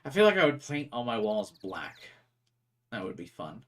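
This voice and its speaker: A man's voice: medium pitch, sing-song, normal speed. Chatty young man rambling to chat. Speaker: gaming streamer. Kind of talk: casual let's-play commentary.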